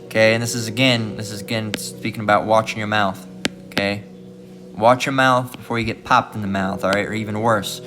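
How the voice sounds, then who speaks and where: A man's voice: lowish voice, steady tone, brisk, sharp tone, faint music behind. A man teaching from scripture in a casual sermon, repeating "okay?" and "all right?" as he goes. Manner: informal, repetitive, keeps asking "okay?" and "all right?". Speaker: Bible teacher.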